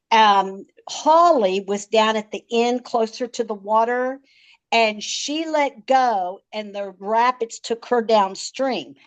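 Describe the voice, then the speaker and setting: A woman, a podcast guest, vividly recounting a frightening personal story, often stammering and repeating words. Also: on the high side.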